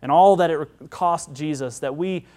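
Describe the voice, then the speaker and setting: A man preaching a sermon as pastor, conversational and animated, often restarting his phrases. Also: a little high, normal speed.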